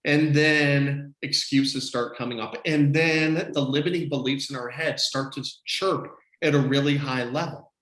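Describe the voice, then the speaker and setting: A man coaching his team on a video call, delivering an energetic, motivational talk with emphatic repetition. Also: medium pitch, measured pace, few pauses, echoey room, low-quality recording. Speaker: business coach.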